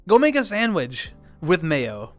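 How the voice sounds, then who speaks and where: Smooth-voiced man chatting with his stream. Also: on the high side, wildly swooping pitch, soft background music. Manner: rambling, self-correcting, quick to apologize and laugh. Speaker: livestreamer reading chat. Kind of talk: casual livestream chat.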